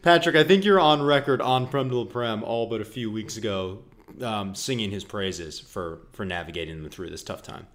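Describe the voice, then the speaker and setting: A man's voice: on the low side, normal speed, a bit bright. A man co-hosting a casual football podcast, delivering dry, sarcastic, mock-serious takes. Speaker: podcast co-host.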